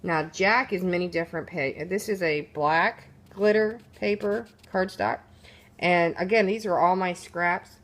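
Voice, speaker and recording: A woman's voice: lowish voice, unhurried. A woman chatting casually through her craft project, rambling with fillers and restarts, sounding a little sleepy and recorded on a phone at home. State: sleepy, yawning. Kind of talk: casual show-and-tell walkthrough. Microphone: phone camera.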